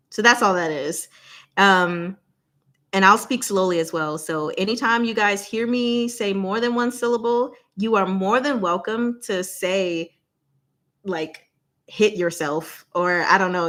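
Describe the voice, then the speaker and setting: A young woman hosting a casual livestream, chatting with viewers, speaking slowly and deliberately and laughing often. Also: lowish voice, fairly bright tone. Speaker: channel host.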